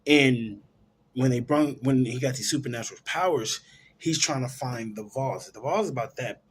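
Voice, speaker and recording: A man's voice: medium pitch, moderate pace, slight background noise. A man hosting a film show, casually retelling a movie's plot in a rambling way, full of fillers and restarts. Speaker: film review host.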